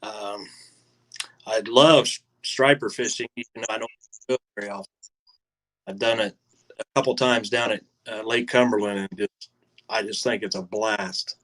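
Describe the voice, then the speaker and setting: A man, a guest angler, answering questions in a laid-back way with many pauses and ums. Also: lowish voice, fairly even intonation, fairly bright tone, poor audio. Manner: laid-back, hesitant, lots of ums and trailing off. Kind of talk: casual interview answers.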